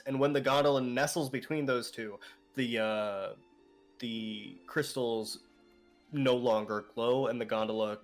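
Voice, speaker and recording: Young male game master, loose rambling narration, casual and profane. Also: mid-range voice. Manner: casual, rambling with fillers and swearing.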